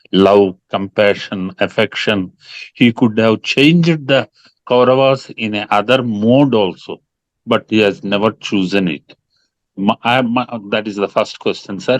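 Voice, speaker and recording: A man's voice: lowish voice, no echo, rough recording. A man asking a question in an online lecture, very polite and repeatedly deferential, over a video call. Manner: very polite, repeatedly saying sir. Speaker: audience member asking a question.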